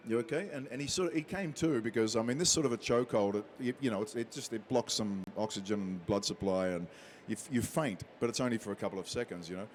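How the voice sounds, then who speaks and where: A man being interviewed as an actor, telling an anecdote in a lively way and acting out the people in it. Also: on the low side, quick pace, hardly any pauses. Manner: lively storyteller who acts out quotes.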